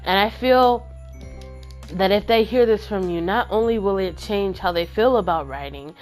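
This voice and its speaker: A woman's voice: medium pitch, normal speed, a little mellow, faint music behind, natural voice. A woman voicing her insistent, encouraging female teacher, who pleads and persuades in a retold story. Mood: urging.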